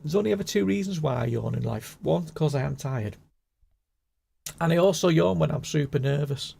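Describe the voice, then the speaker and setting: A man's voice: a little high, moderate pace, gravelly, a little mellow, slightly rough. A man hosting a casual live gaming stream, chatting and rambling with his viewers in a bantering way. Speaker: gaming livestream host.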